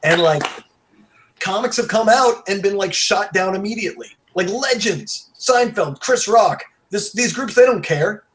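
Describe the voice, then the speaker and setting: A man hosting a casual podcast chat, wired on coffee, rushed and rambling, blunt and profane. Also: high-pitched, expressive, fairly bright tone, a little hiss or hum. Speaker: podcast host.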